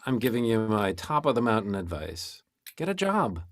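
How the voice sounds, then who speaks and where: Man doing an exasperated middle-aged accountant, deadpan, stammering, lively pitch, dry recording. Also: moderate pace, dry recording. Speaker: improv performer. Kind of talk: improvised comedy scene.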